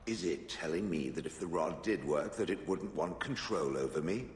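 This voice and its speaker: An actor playing a haughty, suspicious stone golem with a deep gravelly voice, speaking stiffly in a video game. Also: male voice, lively intonation, normal speed, slight background noise. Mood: suspicious, disdainful. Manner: stiff, formal, speaks of others as "it". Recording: game audio with booming hall reverb.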